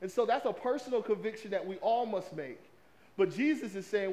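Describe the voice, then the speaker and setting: High-voiced preacher, lively. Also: male voice, fairly quick, slight background noise. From American South. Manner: lively, conversational preaching with crowd prompts. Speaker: pastor. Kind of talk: sermon.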